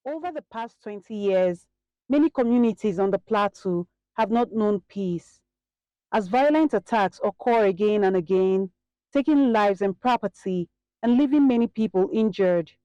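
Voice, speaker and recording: A woman reads a news report voice-over at an even, measured pace. Her voice is mellow, recorded dry, and sounds slightly dull. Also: mid-range voice, dry recording. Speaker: news correspondent.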